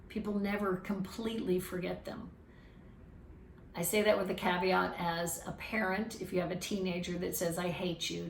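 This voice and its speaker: Gravelly woman in a roomy space. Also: lowish voice, a little hiss or hum. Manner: earnest, reflective, restarts phrases. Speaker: speaker on emotional wellbeing. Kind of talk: casual teaching talk. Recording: roomy, distant mic with faint ambience.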